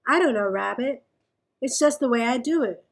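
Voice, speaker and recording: A woman reading a storybook aloud, voicing a calm, easygoing young pig in an even, unhurried way. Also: on the high side.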